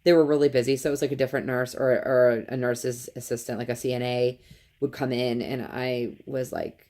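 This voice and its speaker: A woman's voice: extremely low pitch, fairly even intonation, a little fast, mellow. A mother in her thirties tells a personal story to camera in an earnest, emotional way and acts out the quotes. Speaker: vlogger, mother.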